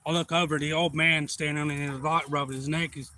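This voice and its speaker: A man, rambling through excitable anecdotes on a casual live stream. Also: on the high side, brisk. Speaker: livestream host. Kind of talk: casual storytelling.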